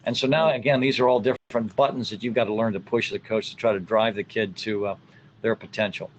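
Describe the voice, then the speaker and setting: A man's voice: on the low side, fairly even intonation, fast talker, dull audio, a little hiss or hum. A middle-aged man, a college soccer coach, answering interview questions in a reflective way with many fillers. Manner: reflective, many fillers, acts out what he tells players.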